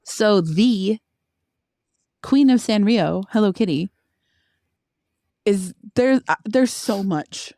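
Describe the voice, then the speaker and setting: A young woman co-hosting a casual podcast, animated and laughing often as she chats. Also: mid-range voice, takes it slowly, pauses often, dry recording, studio quality. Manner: excitable, laughs a lot, animated disbelief. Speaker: podcast co-host. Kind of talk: casual chat.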